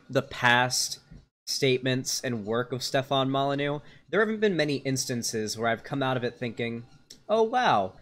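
A man's voice: mid-range voice, a bit bright. A young adult man streaming live, giving casual, rambling reaction commentary full of fillers and restarts.

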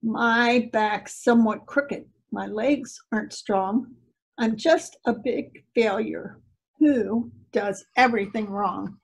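A woman's voice: fairly high pitch, slow, creaky, husky, full character voice. A woman voicing a timid, self-pitying young donkey who pleads and frets. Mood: despairing. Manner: pleading, fretful.

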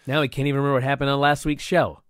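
A man co-hosting a podcast in casual chat, animated and swearing freely, shouting when he quotes someone. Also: mid-range voice, very fast, clear, resonant tone, no room sound, clean studio sound. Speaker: podcast co-host.

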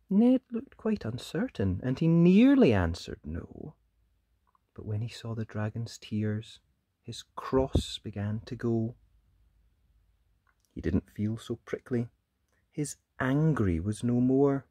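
A man reading a rhyming picture book aloud, in a lively sing-song storytelling manner. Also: medium pitch, slow, no echo, studio quality. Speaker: storybook reader.

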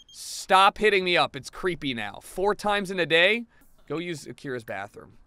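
A young man giving casual, profane commentary over a life-sim game, often yelling at what happens on screen. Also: sits high, takes it slowly, smooth, no room sound. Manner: profane, excitable, yells at the game. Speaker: gaming YouTuber.

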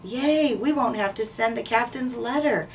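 A woman voicing an eager, excited young girl who speaks up boldly in a storybook read-aloud. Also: a little high, normal speed, pitched above the performer's own voice. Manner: bold and pleading. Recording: distant mic, faint noise.

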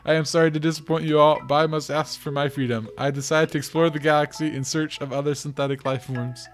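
A man voicing a calm, formal, self-aware female robot, reading game dialogue aloud in a flat robotic delivery. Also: a little high, quick pace, close to an everyday voice.

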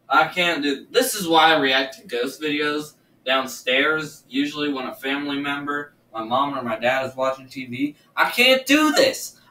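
A nervous, stammering man talks through a reaction video in a casual, repetitive way. His voice is bright and sharp, sitting at a middle pitch. The sound is roomy and echoey, as if he sits a little back from a laptop mic. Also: recorded from a distance. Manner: nervous, stammering, repeats himself. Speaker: gaming YouTuber reacting to videos. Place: room at home. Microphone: laptop or earbuds mic.

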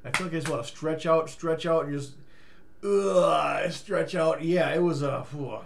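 A man talks straight to camera in a loose, rambling vlog, tired and a bit scattered. His voice sits a little high, and he keeps breaking into goofy sing-song riffs between stammered asides. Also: measured pace, vocal fry, a little hiss or hum. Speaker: life coach vlogger.

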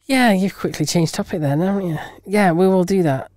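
A man's voice: high-pitched, a little fast, darkish tone, no room sound. A man co-hosting a podcast in casual chat, laughing often, with dry, teasing humour. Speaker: podcast co-host.

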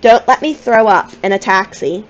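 A woman's voice: mid-range voice, lively intonation, moderate pace, dull audio, a little hiss or hum, close to an everyday voice. A woman doing a weak, tearful little schoolgirl. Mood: determined. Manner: weak, quavering, whispery. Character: sick, tearful young schoolgirl.

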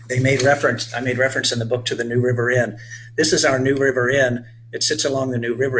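A man's voice: mid-range voice, slight background noise, low-quality recording. Man reading a storybook aloud. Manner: gentle asides speaking to children. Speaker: author reading his book. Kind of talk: children's read-aloud.

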